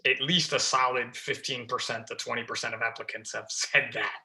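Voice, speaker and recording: A man's voice: mid-range voice, steady tone, a little fast, gravelly, bright, forceful tone. A man, a fire lieutenant, talking casually as a podcast guest, full of fillers and restarts. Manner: chatty, many fillers and restarts.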